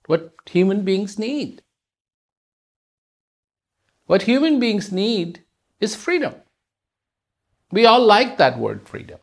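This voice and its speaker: A speaker giving a reflective spiritual talk, using rhetorical questions and repetition for emphasis. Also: medium pitch.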